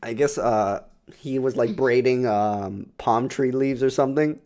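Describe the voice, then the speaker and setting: Young dude, casual podcast chat, swears a lot, rambly. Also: male voice, medium pitch, a little slow. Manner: rambling, profane, animated storytelling with many fillers. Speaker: podcast co-host.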